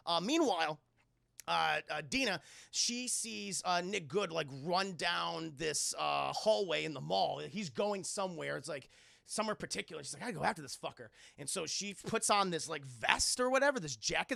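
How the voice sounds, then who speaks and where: Young male streamer, high-pitched, profane, animated recap delivery. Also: creaky, no room sound, clean studio sound. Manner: profane, excitable, acts out quotes in loud voices. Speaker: streamer reviewing a film. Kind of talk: animated scene-by-scene film recap to live chat.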